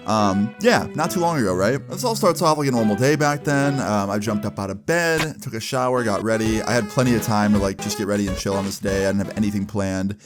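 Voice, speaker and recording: Twenties guy, slightly low voice, chill rambling storyteller; music bed runs under him. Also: lively intonation, a little fast, hardly any pauses. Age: 20s. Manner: laid-back, rambling, heavy use of "like" and "right?". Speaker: storytime YouTuber. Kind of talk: casual storytime narration.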